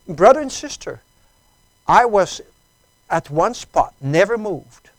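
Brief: native French speaker with an accent, mid-pitched, emotional testimony preacher, halting delivery, hushed to loud, dry recording. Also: very animated, no room sound, poor audio. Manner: storytelling, repeats words, stammers, swings from hushed to loud.

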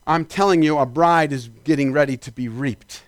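A man preaching a sermon as pastor, climbing into shouted peaks and then dropping into quick asides. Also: on the high side, no room sound.

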